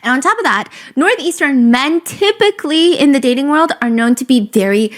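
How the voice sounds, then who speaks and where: A woman telling a funny story in a casual, expressive, joking way. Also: high voice, fairly quick. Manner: animated, expressive, jokey. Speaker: storyteller in a played clip.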